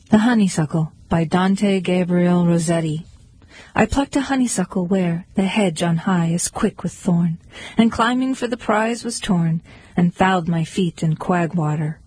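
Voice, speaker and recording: A woman reading poems aloud in a measured recitation. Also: on the low side, a little mellow, breathy edge, no echo, rough recording. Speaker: reader. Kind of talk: poetry reading.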